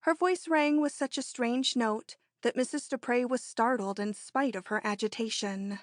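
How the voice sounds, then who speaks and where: A woman narrating an audiobook in a measured, even storytelling manner on a close mic. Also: a little high, no echo. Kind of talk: scripted narration.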